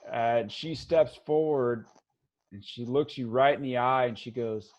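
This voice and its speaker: A man narrating as game master of a tabletop game, halting with many fillers and restarts. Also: mid-range voice, darkish tone, lo-fi sound.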